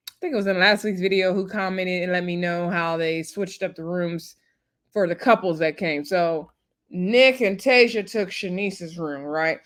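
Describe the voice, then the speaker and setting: A woman giving a casual, gossipy recap of a reality show, animated and quick to laugh. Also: medium pitch.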